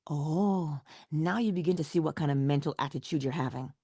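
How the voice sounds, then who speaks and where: A middle-aged woman delivers a motivational morning talk in a low, gravelly voice. She speaks slowly and deliberately, posing rhetorical questions and answering them herself. The sound is close and dry. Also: expressive, darkish tone, no room sound. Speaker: inspirational speaker.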